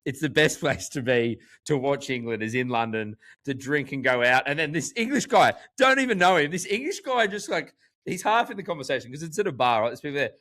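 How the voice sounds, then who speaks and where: A man with an Australian accent, co-hosting a podcast in casual chat, full of "like" and animated storytelling. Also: on the high side, brisk. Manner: chatty, heavy use of "like", animated storytelling. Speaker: podcast co-host.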